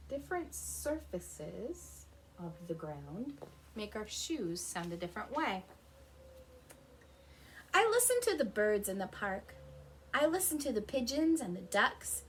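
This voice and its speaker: A woman's voice: medium pitch, slight background noise. A woman reading a picture book aloud to young children at home, stopping to ask them questions and imitate animal sounds. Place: her home.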